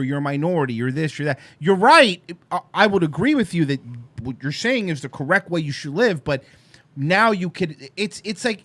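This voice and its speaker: A man hosting a comedy podcast, sarcastic and animated in casual commentary. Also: high-pitched. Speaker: podcast host.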